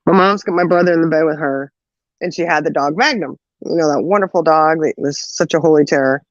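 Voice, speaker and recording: A woman's voice: low voice, fairly quick, no room sound, dull audio. A woman telling a family story in a casual chat, laughing often and acting out the voices of the people in it. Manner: animated, laughs often, acts out quoted voices. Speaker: podcast co-host telling a story.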